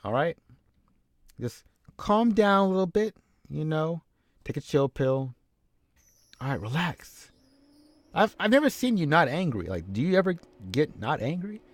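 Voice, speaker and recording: Nervous male wrestling boss, high and fussy, very lively, put on by a man. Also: unhurried, long pauses, dry recording, full character voice. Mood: placating.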